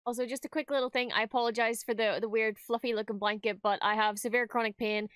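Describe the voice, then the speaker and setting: A young woman streamer reacting to a TV episode at home, talking casually and breaking into quick, excitable exclamations. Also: fairly high pitch, clean tone, no room sound, studio quality. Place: home room, wrapped in a blanket.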